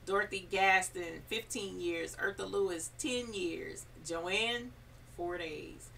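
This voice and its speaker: Live-stream host, woman, lowish and bright, reads chat aloud, off-mic. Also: slow, vocal fry, distant mic, a little hiss or hum. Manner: reads viewer comments aloud, chatty and encouraging. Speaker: embroidery channel host.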